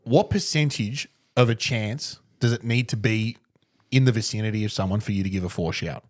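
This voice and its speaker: A man's voice: lowish voice, brisk. A man co-hosting a casual podcast chat, asking questions and swearing casually. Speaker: podcast co-host.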